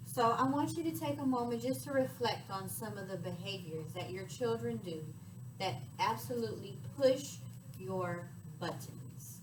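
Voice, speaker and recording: Woman presenter, slow calm guiding voice, far from the mic, roomy with clear background noise. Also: mid-range voice. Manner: measured, guiding the listener to reflect. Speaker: family advocate presenter. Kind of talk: scripted presentation.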